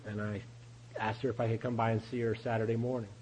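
In a rough recording with slight background noise, a middle-aged man gives an AA speaker talk about his recovery. His voice is lowish and darkish, his delivery flat and quick, and he tells the story in a folksy, confessional way, frequently laughing as he imitates what other people said.

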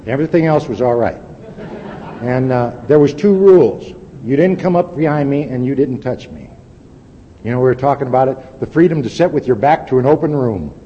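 An older man gives a plain-spoken, wry and candid personal testimony at a recovery meeting, his voice expressive, brisk and mellow. The lo-fi recording carries the echo of a hall along with a faint rumble.

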